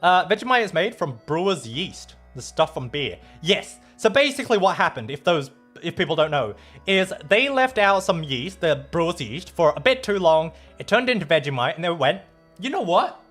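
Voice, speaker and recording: Australian man, rambling playful streamer, high voice, faint music behind. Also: very animated, moderate pace, fairly bright tone. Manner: rambling, playful, swears casually. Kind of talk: casual chat reading viewer messages.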